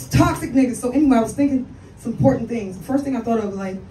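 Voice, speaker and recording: A brash woman in her forties works a comedy club stage, fast and profane, with quick laughing asides in a fairly high voice. She sounds distant and echoey in the room, and loud crowd laughter and chatter fill the background. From Washington, D.C. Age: 40s. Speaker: stand-up comedian. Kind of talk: stand-up comedy set.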